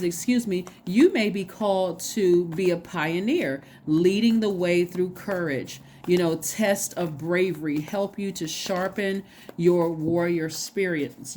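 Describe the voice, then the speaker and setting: A woman's voice: fairly low pitch, darkish tone, a little hiss or hum. A woman giving a casual spoken tarot reading. She rambles, repeats her phrases and checks in with "right?". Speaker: tarot reader.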